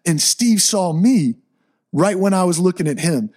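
Animated man telling a story. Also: measured pace. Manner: animated, swings between low asides and excited high bursts. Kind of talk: casual storytelling.

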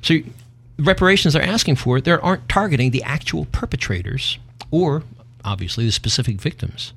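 A man's voice: fairly high pitch, animated, a little fast, gravelly, fairly bright tone, breathy edge. A man hosting a talk show, chatting in a folksy, opinionated, half-joking way. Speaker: podcast host. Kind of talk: casual talk show banter.

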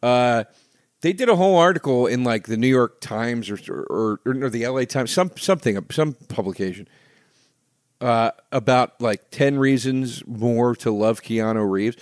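A man chatting through a movie in loose, comic podcast banter, rambling from one thought to the next. His voice sits at an ordinary middle pitch. The sound is dry and close, with no room around it. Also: moderate pace, dry recording. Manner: rambling, animated, mock-shouting impressions. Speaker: podcast co-host. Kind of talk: casual comedic movie chat.

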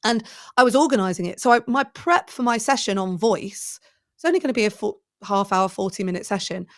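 Woman, casual storyteller, lively and self-mocking, dry close sound. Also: mid-range voice, a little fast, no room sound. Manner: animated, self-deprecating anecdotes with laughs.

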